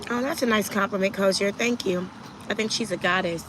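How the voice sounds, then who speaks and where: Woman host of a casual live stream, chatty, mid-pitched, answers her chat. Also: fairly quick, background noise. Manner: chatty, reads viewer comments aloud and answers them. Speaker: livestream host.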